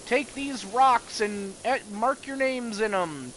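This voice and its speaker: A man putting on the voice of a frail hundred-year-old grandma with a high, shrill wail. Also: expressive, takes it slowly, fairly bright tone, slight background noise, exaggerated voice. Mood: dramatic.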